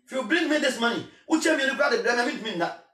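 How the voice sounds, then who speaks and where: A high-voiced man with a Ghanaian accent makes an emphatic, preacherly appeal, mixing Twi and English and hammering his points through repetition. He is a singer speaking rather than singing. He sounds set back from the mic, in a room with a strong echo. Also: animated, racing, sharp tone, far from the mic. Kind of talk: impassioned spoken appeal.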